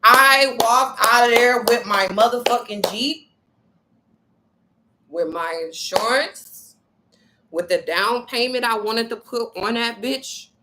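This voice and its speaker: A young adult woman giving a casual, profane motivational talk to her viewers, telling a story with lively quoted voices. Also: on the high side, takes it slowly, noisy background. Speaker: spiritual vlogger.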